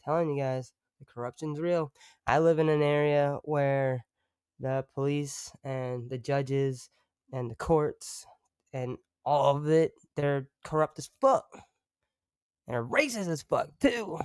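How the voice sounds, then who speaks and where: Smooth-voiced man in rambling, profane chat. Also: on the high side, slow pace, a little mellow, no room sound, clean studio sound. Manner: profane, rambling, breaks off to talk to his dog. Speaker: streamer. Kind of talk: casual live-stream chat.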